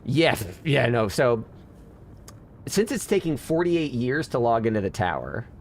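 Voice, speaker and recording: A man's voice: mid-range voice, big pitch swings, unhurried, slight background noise. A man streamer in casual live-stream chat, venting candidly to his viewers with frequent restarts.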